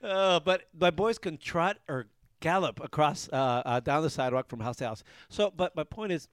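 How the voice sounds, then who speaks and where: A man's voice: a little high, moderate pace, clear, resonant tone, dry recording. Rambling man podcast host, dry sound. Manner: talkative, rambling with restarts. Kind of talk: casual banter. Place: garage.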